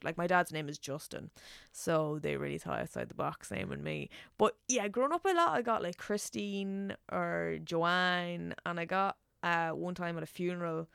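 A woman's voice: fairly low pitch, vocal fry, clear, resonant tone, dry recording, clean studio sound. A young woman from Ireland with an Irish accent, telling stories chattily as a guest in a casual talk, laughing easily. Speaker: podcast guest. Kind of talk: casual chat.

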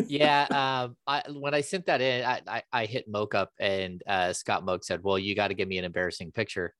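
A man hosting a sports podcast, talking casually with halting restarts and fillers. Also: on the low side, steady tone, a bit bright, no echo. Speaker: podcast host.

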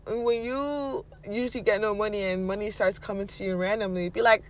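A woman's voice: mid-range voice, steady tone, a little fast, few pauses. A woman giving casual motivational advice, playful and laughing often, slipping into mocking voices and casual swearing. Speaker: vlogger giving manifestation advice.

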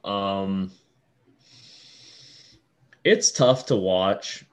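A man's voice: low voice, extremely slow. A man co-hosting a casual hockey podcast, laying out standings and points steadily. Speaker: podcast co-host.

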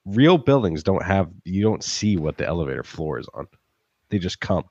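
A man's voice: low-pitched, sing-song, normal speed, a little mellow, breathy edge, dry recording, highs cut off. A man co-hosting a podcast in casual chat, blunt and teasing with swearing. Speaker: podcast co-host.

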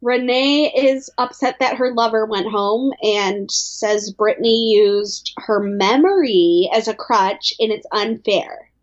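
A woman's voice: on the high side, slow pace, hardly any pauses. A woman co-hosting a podcast, reading out her episode notes in a blunt, casual recap. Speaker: podcast co-host. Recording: slightly dull lo-fi audio.

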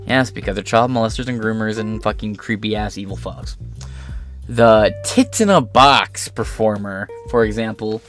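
Man, commentary host, reads stories then rants, crude and scornful, mid pitch, soft music bed. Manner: profane, contemptuous, sarcastic. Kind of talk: angry reaction commentary, reading articles aloud.

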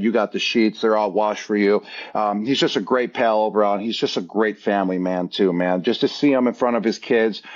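A man in his thirties with a low-pitched voice tells locker-room stories as a podcast guest. He talks casually and animatedly, and his voice jumps up whenever he acts out a quote. The recording sounds somewhat dull and lo-fi. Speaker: guest, former tight end. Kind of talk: casual interview storytelling.

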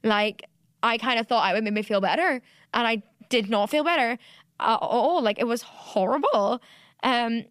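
A woman's voice: on the high side, fairly bright tone, no room sound, studio quality. A young woman, hosting a solo podcast, talking candidly and rambling with many fillers and restarts. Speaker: podcast host. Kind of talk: solo confessional podcast monologue.

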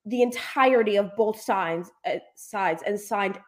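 A young woman chatting casually as a hockey fan, telling animated stories and acting out what she said. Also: medium pitch, unhurried. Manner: animated storytelling, acts out her own quotes. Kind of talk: casual chat.

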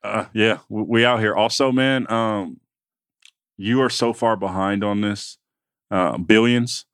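A man's voice: on the low side, unhurried, a bit bright, clear, resonant tone, no echo, studio quality. A man co-hosting a podcast in casual chat, teasing his co-host, swearing freely and repeating lines for emphasis.

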